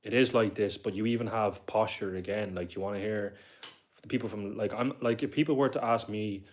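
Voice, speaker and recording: On a live stream, a young man from Ireland with a Dublin accent talks briskly in a lowish voice with fairly even intonation. He rambles on, reading viewer comments aloud and answering them.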